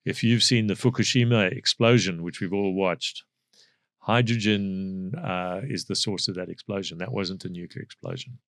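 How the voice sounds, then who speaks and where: Gravelly South African man explaining. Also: low-pitched, fairly even intonation, a bit bright, no room sound, clean studio sound. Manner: measured, explanatory, with frequent fillers. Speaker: guest, energy expert. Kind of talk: podcast interview.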